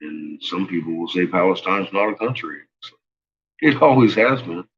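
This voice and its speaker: A man with a deep, low voice rambles through a casual monologue, swearing freely and stammering as he restarts his thoughts. The recording sounds dull and lo-fi. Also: moderate pace, slight background noise.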